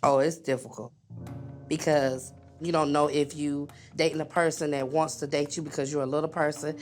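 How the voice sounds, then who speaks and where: A woman's voice: sits low, little pitch movement, moderate pace, darkish tone, faint music behind. A woman speaking candidly as a podcast guest in casual talk. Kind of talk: reality show talk and confessional.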